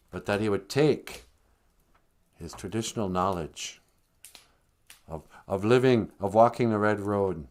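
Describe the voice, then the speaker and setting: A man telling a comic story on a live stream, rambling with deadpan asides. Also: lowish voice.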